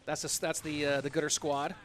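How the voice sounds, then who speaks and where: A man's voice: fairly high pitch, little pitch movement, quick pace, noisy background. A man in his thirties casting a live online game match and chatting casually with his viewers. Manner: casual, chatty, reads donations aloud. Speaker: esports caster and streamer. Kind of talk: live esports commentary and chat.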